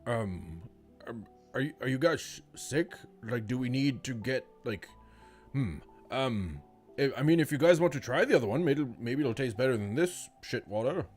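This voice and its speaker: A man's voice: medium pitch, animated, moderate pace, soft background music. A man playing a tabletop game, chatting in a rambling, hesitant way that repeats words. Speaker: player. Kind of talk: casual tabletop game chat.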